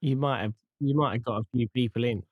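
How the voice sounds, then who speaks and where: A man's voice: medium pitch, fast, no room sound, narrow, tinny audio. A man co-hosting a casual podcast chat, teasing his co-host with dry interjections.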